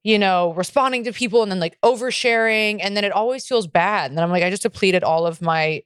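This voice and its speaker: A woman's voice: medium pitch, brisk, clean tone, no echo, clean studio sound. A young woman co-hosting a podcast, chatting candidly and profanely, saying "like" a lot. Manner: candid, profane, heavy use of "like". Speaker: podcast co-host. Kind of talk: casual chat.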